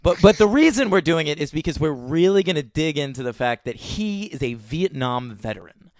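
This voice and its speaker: A man's voice: on the high side, animated, no room sound, studio quality. A man co-hosting a film podcast, trading profane jokes in casual banter. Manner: joking, profane, quick banter. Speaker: podcast co-host. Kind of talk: casual film review chat.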